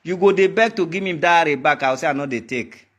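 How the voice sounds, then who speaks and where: A Nigerian man with a high-pitched voice delivers a heated monologue straight to the camera. He taunts and mocks throughout, circling back to the same threats again and again. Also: brisk. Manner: taunting and mocking, repeats his threats. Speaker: vlogger.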